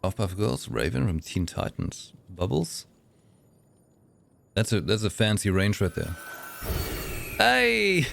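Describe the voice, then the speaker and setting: A man chatting casually with viewers on a game live stream, lively and playful, slipping into voices for fun. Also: sits low, measured pace, vocal fry, pauses often, a little hiss or hum.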